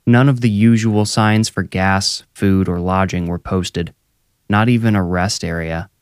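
A man narrating a scripted horror story in a measured, steady way. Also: low-pitched, clear, resonant tone, no echo, clean studio sound.

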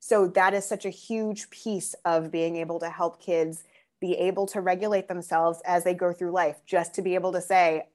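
A woman speaking as a guest therapist in a casual interview, animated and laughing often. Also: fairly low pitch, normal speed.

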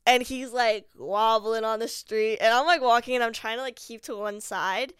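A woman's voice: fairly high pitch, moderate pace, clear, resonant tone, no echo. Young woman, "like" in every phrase. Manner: fills every phrase with "like", animated anecdotes. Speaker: podcast guest. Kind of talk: casual storytelling chat.

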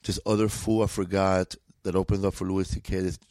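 Slangy, profane LA comedian. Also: male voice, low voice, flat delivery, fairly quick, dark tone, no echo. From East Los Angeles. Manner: profane, laid-back, drawling street slang. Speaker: guest comedian. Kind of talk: casual storytelling.

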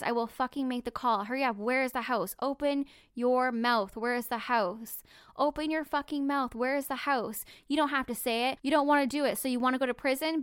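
A woman reading out the lines of a furious woman interrogator, hectoring and repeating shouted demands. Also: sits high, clear, resonant tone, no echo, studio quality. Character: shrill, furious woman interrogator, accusing and bullying.

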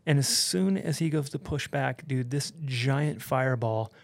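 A man, a podcast guest, telling a story in a casual, animated way, full of swearing and "like" and "dude". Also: medium pitch, measured pace, creaky, no echo. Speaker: podcast guest, pro snowboarder.

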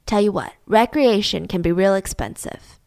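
A woman voicing a male caller who makes threats in a low, hushed voice. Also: moderate pace, creaky, dry recording, clean studio sound, lightly acted. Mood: menacing.

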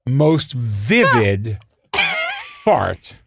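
An older man, a comedy writer, telling show-business anecdotes in casual conversation and jumping into high voices when he quotes people. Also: big pitch swings, extremely slow, vocal fry, heavy background noise.

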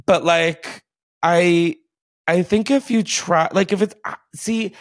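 A man hosting a podcast in casual chat, animated and profane, often laughing at himself. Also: sits high, slow, no room sound, studio quality. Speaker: podcast host.

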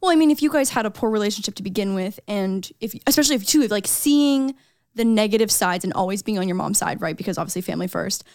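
A woman's voice: medium pitch, lively intonation, fast, a little mellow, dry recording, studio quality. A young woman co-hosting a podcast, chatty and emphatic, leaning on filler words. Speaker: podcast co-host. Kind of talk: casual podcast chat. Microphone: studio mic.

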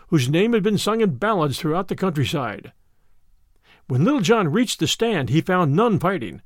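A man narrating a classic adventure tale as an audiobook, reading in an expressive, theatrical way. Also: sits high, no room sound, studio quality.

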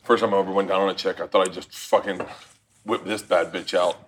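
A man's voice: low-pitched, steady tone, fast, slight background noise. A man hosting a cooking show, chatting casually and joking crudely with a laugh. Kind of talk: casual chat while cooking.

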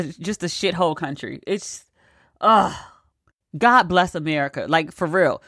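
A woman's voice: lowish voice, unhurried, fairly bright tone, dry recording, studio quality. A woman hosting a podcast, giving casual news commentary in a wry, exasperated way and laughing between quotes. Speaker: podcast host.

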